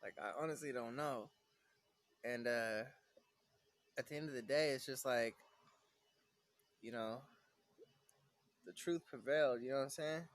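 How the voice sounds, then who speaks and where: A man's voice: medium pitch, unhurried, pauses often, dry recording. A man vlogging a casual, rambling rant about work, full of fillers and swearing. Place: San Diego.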